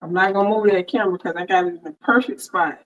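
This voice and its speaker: Speaking quickly in a lowish voice, this sewing livestream host greets her viewers by name in a chatty, friendly manner. The audio is muffled, with a bit of background noise, and she's using a headset microphone.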